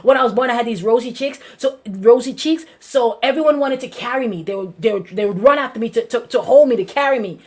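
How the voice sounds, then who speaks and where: A Guyanese woman pastor telling her life story in an animated way, with lots of repetition and restarts. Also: on the high side, quick pace, hardly any pauses. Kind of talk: personal testimony to a congregation.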